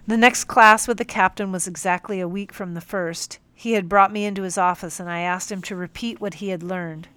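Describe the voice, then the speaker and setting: A woman narrating a first-person audiobook in a calm, measured storytelling manner on a close microphone. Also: mid-range voice, clean tone, no room sound.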